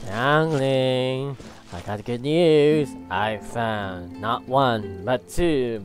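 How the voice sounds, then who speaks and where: A woman's voice: rumbling low, very slow. A woman giving giddy, silly let's-play commentary on a video game, often squealing. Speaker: gaming youtuber. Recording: game music in background. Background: game music.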